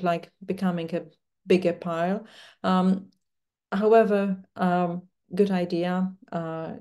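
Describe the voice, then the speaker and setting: A woman's voice: lowish voice, dark tone. Hesitant English woman teacher. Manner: conversational, hesitant, frequent pauses. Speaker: language teacher and trainer. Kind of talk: online teacher-training talk.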